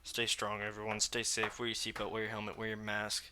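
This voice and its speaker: A man's voice: lowish voice, monotone, brisk, background noise. A young man hosting a reaction video, talking casually in an agitated, blunt way and repeating himself.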